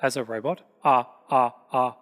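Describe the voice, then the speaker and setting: A man's voice: medium pitch, measured pace, close to an everyday voice. A man doing a stiff robot-voiced coach. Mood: mechanical. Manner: flat mechanical delivery. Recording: long hall reverb.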